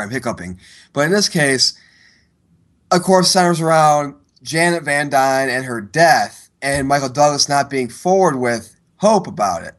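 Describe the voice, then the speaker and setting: A man's voice: fairly high pitch, a bit bright. A man co-hosting a podcast, casually retelling movie scenes in a rambling way. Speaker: podcast co-host. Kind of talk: casual movie review chat.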